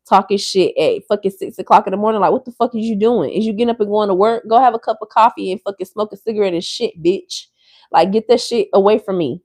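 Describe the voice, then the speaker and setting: Woman livestream host, mid-pitched, loose and profane, rambling and ranting at her chat. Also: quick pace, a little mellow, no room sound, clean studio sound. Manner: loose, rambling talk to viewers.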